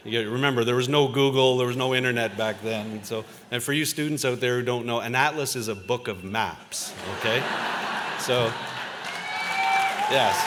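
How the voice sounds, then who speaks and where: A man in his fifties giving a convocation address. He is a journalist telling personal stories in a relaxed, self-deprecating way, with plenty of "uh" fillers. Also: medium pitch, noisy background. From Ontario, Canada. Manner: conversational storytelling, self-deprecating, with frequent uh fillers. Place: large convocation hall. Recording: reverberant hall.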